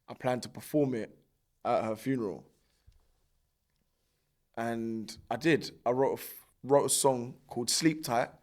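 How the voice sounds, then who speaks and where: A man, a podcast guest telling his story in loose, slangy talk and acting out the dialogue he quotes. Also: medium pitch. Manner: animated, acts out quoted dialogue with a raised voice; loose, filler-heavy street slang.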